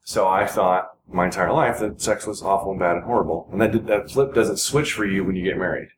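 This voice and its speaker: The sound is echoey, with clear background noise, as a forties-aged podcast guest with a somewhat low voice talks briskly. His casual conversation is earnest but rambling, full of restarts.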